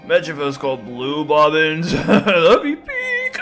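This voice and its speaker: A woman's voice: deep voice, fairly even intonation, brisk, a bit bright, faint music behind. A woman putting on the exaggerated voice of a goofy, dim-witted gamer who rambles and cackles. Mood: silly. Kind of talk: comedic put-on voice.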